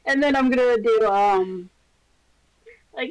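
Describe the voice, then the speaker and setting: A woman's voice: fairly high pitch, animated, measured pace, no echo, rough recording. A woman playing a tabletop game, playful and giggly with crude jokes. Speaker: player. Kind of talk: casual tabletop play.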